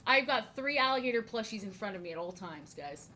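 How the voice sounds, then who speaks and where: A woman's voice: a little high, animated, fast talker, hardly any pauses, very noisy. A woman chatting casually on a live stream while she draws, rambling, repeating lines and poking fun at herself. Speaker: art streamer.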